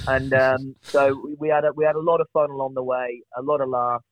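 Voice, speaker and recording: A man's voice: mid-range voice, level tone, brisk. A man, a podcast guest, telling chatty, self-deprecating stories with lots of restarts. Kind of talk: casual storytelling on a podcast. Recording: tinny phone-like line, dry.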